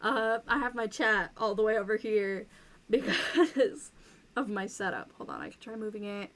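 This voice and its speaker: Quick, playful woman streamer. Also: medium pitch, sing-song, a bit bright. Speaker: streamer playing innkeeper. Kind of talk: cozy game stream chat.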